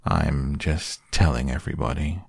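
A man voicing a gloomy old male donkey who grumbles slowly, in a soft bedtime storybook reading. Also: a bass voice, creaky, slightly rough, dry recording, clean studio sound, full character voice. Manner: slow, drawn-out complaining.

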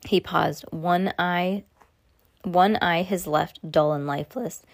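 A woman reads a novel aloud in a low voice, now and then tripping over a phrase and starting it again. The sound is dry and close to the mic, with no room around it. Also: steady tone, slow, gravelly, no echo. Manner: unpolished reading with frequent slips and restarts. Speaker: reader.

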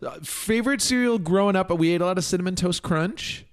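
A man's voice: high voice, brisk, smooth. A man co-hosting a casual podcast, chatty and rambling, laughing often and swearing casually. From Minnesota, United States. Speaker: podcast co-host. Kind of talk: casual chat.

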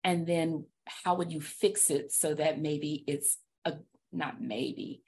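In a conversational podcast interview on public speaking, the female host talks slowly in a deep, gravelly voice with a darkish tone and a breathy edge. Her manner stays upbeat and emphatic, and she laughs a lot.

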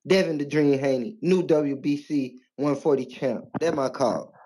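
A man's voice: on the high side, moderate pace, husky. A man calling into a boxing show, giving a heated, slangy opinion. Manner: heated, animated, trash-talking with slang. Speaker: caller. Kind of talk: casual call-in opinion.

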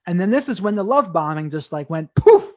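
A man's voice: sits high, sing-song, a little fast, no echo, lo-fi sound. A man, a podcast guest, telling his life story in a candid, rambling way with frequent restarts. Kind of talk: casual storytelling interview.

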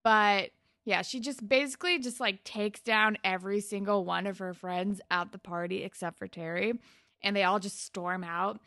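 A woman's voice: medium pitch, fairly even intonation, normal speed, a bit bright, no echo, studio quality. A young woman co-hosting a casual podcast, chatty and amused as she talks through an episode. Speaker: podcast co-host. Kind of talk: casual chat.

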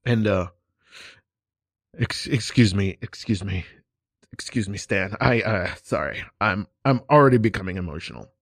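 A man playing a pompous, solemn male acting teacher who speaks in slow, grandiose pronouncements. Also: fairly low pitch, lively intonation, gravelly, no echo, pitched below the performer's own voice. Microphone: studio microphone.

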